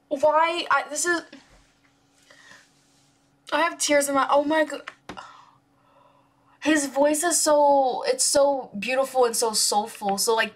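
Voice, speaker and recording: A woman hosting a music reaction video, talking in a gushing, excitable way, full of exclamations and filler "like"s. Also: on the high side. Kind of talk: casual music reaction commentary. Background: music video playing faintly.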